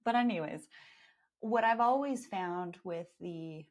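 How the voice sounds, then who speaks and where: On a live podcast, a Canadian-accented woman who hosts the show and teaches skincare speaks in a lowish, slightly mellow voice. She takes her time, keeping things chatty, upbeat and promotional.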